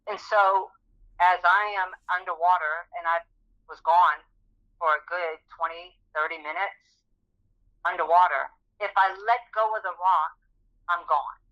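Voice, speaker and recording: A woman's voice: on the low side, fairly even intonation, unhurried, sharp tone, lo-fi sound. A woman guest earnestly and dramatically retelling a personal testimony in an interview. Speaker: guest telling her testimony. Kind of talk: emotional personal storytelling.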